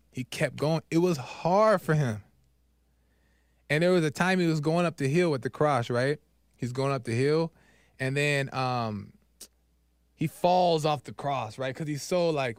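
A man hosting his own podcast, talking through a spiritual reflection in a loose, rambling way, full of fillers and "right?", sometimes dropping soft and low as he retells scenes. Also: no room sound, clean studio sound. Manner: conversational, rambling, frequent "right?" and "um". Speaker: podcast host. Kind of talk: casual spiritual monologue.

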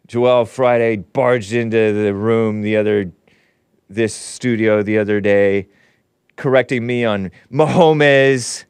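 A man's voice: lowish voice, little pitch movement, unhurried, darkish tone, smooth, no echo. A man hosting a livestream show, talking in a rambling, sardonic way with chuckling asides from his studio. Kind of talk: casual commentary. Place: home studio.

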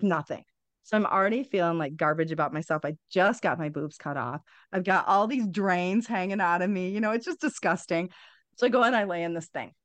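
A middle-aged woman, a podcast guest, telling her story in a candid, conversational way. She is blunt and animated, swears freely and laughs her way through hard memories. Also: fairly low pitch, no room sound.

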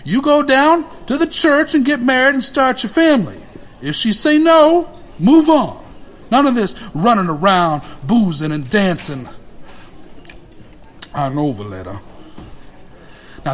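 A man's voice: sits high, full character voice. A man voicing a sassy, scolding elderly woman cook with a folksy drawl in a comedic audio drama.

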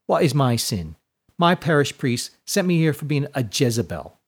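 A man's voice: medium pitch, very animated, moderate pace, slightly rough. A man voicing a bold, defiant young girl prisoner from Northern England, with a raised, chirpy voice and brash, scoffing dialect speech.

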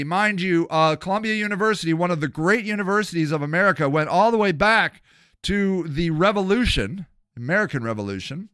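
Blunt, profane man with a crisp voice. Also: high-pitched, lively intonation, normal speed, a bit bright, no echo, studio quality. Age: older. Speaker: podcast host. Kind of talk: casual monologue.

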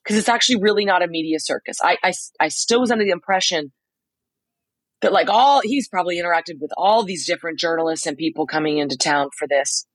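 A woman co-hosting a podcast from a motel room, telling a story in casual chat with quick asides. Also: fairly low pitch, no room sound, poor audio. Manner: chatty storyteller, quick asides and acted-out quotes. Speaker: podcast co-host reporting from a trial.

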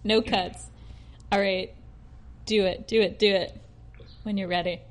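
A woman's voice: medium pitch, steady tone, a little slow. A woman co-hosting a casual podcast, giggling often and swearing freely. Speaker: podcast co-host. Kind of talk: casual chat. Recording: faint background noise, home recording.

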